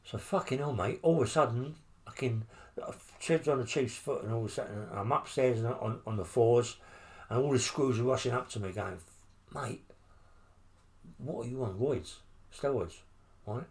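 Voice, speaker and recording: Speaking at medium pitch and a little fast, an older English former criminal with a London accent recalls prison life in a storytelling interview. His manner is blunt and wandering, loaded with swearing and tag questions.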